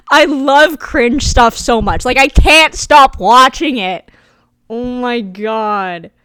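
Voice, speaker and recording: A woman's voice: fairly high pitch, slow pace, a bit bright, clear, resonant tone, no room sound. A young woman chatting casually at home for her vlog, giggly and full of fillers, often trailing off and restarting. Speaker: vlogger. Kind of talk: casual rambling vlog chat.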